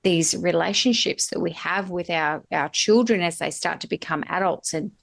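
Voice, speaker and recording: A woman's voice: lowish voice, normal speed, creaky, fairly bright tone. A middle-aged woman hosting a podcast, talking candidly in casual conversation, swearing freely and laughing easily. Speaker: podcast host.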